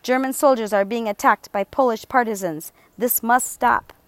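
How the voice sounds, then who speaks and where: A woman's voice: a little high, moderate pace, no room sound, pitched above the performer's own voice, close to an everyday voice. Woman doing a barking SS officer on a bullhorn. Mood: commanding. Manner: barking commands through a bullhorn. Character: stern male SS officer barking orders.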